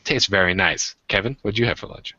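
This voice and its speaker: A man's voice: fairly low pitch, brisk, sharp tone, no room sound, dull audio. A man from the United States hosting a livestream, joking and rambling in casual group chat. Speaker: livestream host.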